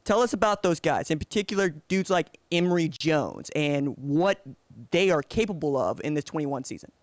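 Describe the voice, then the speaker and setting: A man's voice: a little high, lively intonation, normal speed, no echo. A man from Oklahoma hosting a podcast, asking direct questions in a laid-back, slangy way. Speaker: podcast host. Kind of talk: casual interview questions.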